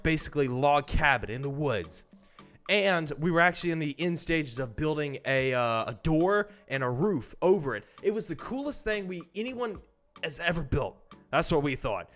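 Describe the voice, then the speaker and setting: Young male vlogger, casual storyteller, slightly high voice, faint music bed. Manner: animated, acts out quoted voices with big pitch jumps.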